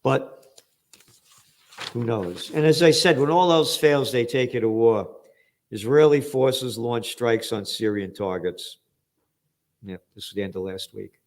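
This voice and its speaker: A man's voice: mid-range voice, measured pace, pauses often. An older American man hosting an opinionated current-affairs commentary, blunt and profane with sarcastic outbursts. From United States. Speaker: host.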